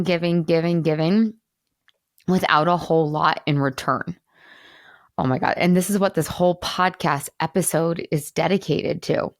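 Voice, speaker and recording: A woman in her thirties hosting a podcast, talking in an animated, emphatic way and at times near tears. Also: on the low side, no room sound, clean studio sound. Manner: animated, emphatic, tearful at moments. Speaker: podcast host. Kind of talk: emotional podcast monologue.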